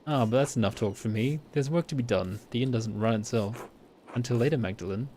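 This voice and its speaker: A gentle, fatherly innkeeper speaking kindly and steadily, as a man reads him aloud in near his own voice. The tone sits in an ordinary middle pitch. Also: brisk, slight background noise, lightly acted.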